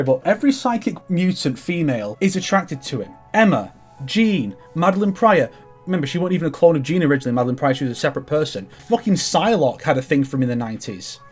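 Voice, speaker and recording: A man's voice: a little high, darkish tone, breathy edge. A young man chatting casually and enthusiastically about his comic collection, swearing freely and tripping over restarts. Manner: enthusiastic, profane, rambling with many restarts. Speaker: comics vlogger. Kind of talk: casual rambling collection show-and-tell.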